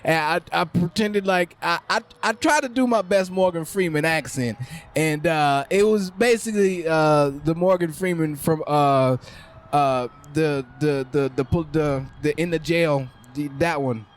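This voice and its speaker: A man's voice: a little high, a little slow. A man hosting a podcast, talking casually, laughing often and trailing off into repeated words. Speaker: podcast host.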